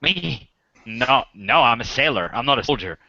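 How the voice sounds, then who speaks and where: A man's voice: medium pitch, lively intonation, normal speed, creaky, sharp tone, no echo. A man narrating a tabletop game as game master, with casual, filler-heavy narration. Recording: dull, slightly lo-fi, dry recording.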